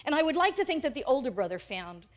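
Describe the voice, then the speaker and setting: A woman pastor delivering a sermon in an animated way, acting out the quoted characters as she goes. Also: high voice, quick pace.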